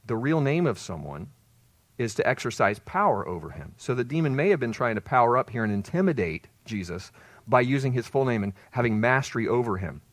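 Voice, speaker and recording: A man's voice: lowish voice, no room sound. Emphatic male preacher, dry close sound. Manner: emphatic preaching, voice swelling on key words; explanatory, storytelling. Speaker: pastor. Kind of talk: sermon.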